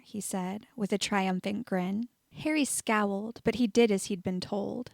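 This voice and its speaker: A woman reading fan fiction aloud in a steady, even narration. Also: medium pitch, unhurried, creaky, no echo. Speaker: audiobook reader of fan fiction.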